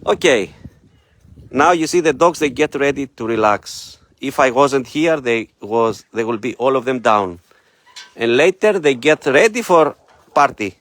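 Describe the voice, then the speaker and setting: Lively Greek-accented man calling to his dogs. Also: medium pitch, a little slow, dry recording. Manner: simple, slightly broken English, coaxing dogs by name. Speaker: animal shelter owner. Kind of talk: casual vlog talking to camera and dogs.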